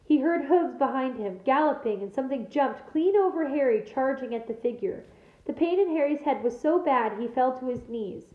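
A woman teacher reading a novel aloud to her class with steady, expressive storytelling. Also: sits high, moderate pace, echoey room, phone-quality sound.

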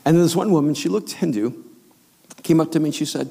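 A middle-aged male pastor tells a story from the pulpit, springing into little acted voices for everyone he quotes. His voice is a touch husky at a medium pitch, and it rings out with the long reverb of a big church hall. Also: fast talker, warm tone. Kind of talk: sermon.

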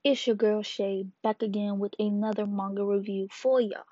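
A woman hosting a casual manga review video, slangy and playful, retelling scenes with quick asides. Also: medium pitch, fairly even intonation, dark tone, no room sound. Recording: dull lo-fi dry sound.

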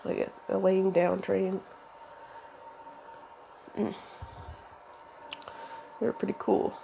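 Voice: medium pitch, level tone, drawn-out words, vocal fry, background noise. A young adult rambling hesitantly in a casual monologue to camera, with a voice cracking from allergies.

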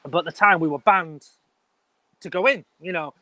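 English man in his thirties, high voice, chatty rambling storyteller, dry close sound. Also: moderate pace, no room sound, rough recording. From England. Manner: chatty, animated, rambling with restarts. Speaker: guest, wedding business owner. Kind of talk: casual storytelling in an interview.

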